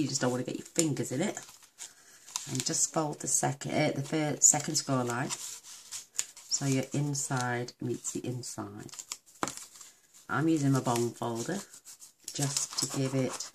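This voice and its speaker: Very low-voiced chatty British crafter. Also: female voice, a little mellow, a little hiss or hum. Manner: chatty and affectionate, talks while working. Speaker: craft demonstrator. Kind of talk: casual crafting tutorial.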